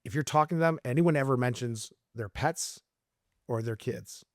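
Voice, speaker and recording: Here the guest is a middle-aged realtor from Arizona with a medium-pitched voice and a moderate pace, recorded dry with clean studio sound. He casually walks through sales tactics for a podcast interview, acting out client calls in lively, animated voices.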